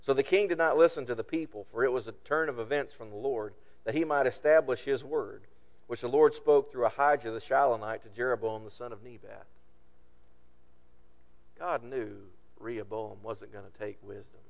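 A man's voice: mid-range voice, moderate pace, vocal fry, big-room sound. A man preaching a sermon, reading scripture aloud and retelling it in plain everyday words.

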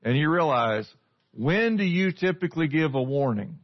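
A man's voice: on the high side, animated, moderate pace. A man, preaching a conversational sermon, putting scripture into everyday words and asking his listeners questions. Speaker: pastor. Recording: dull lo-fi sound.

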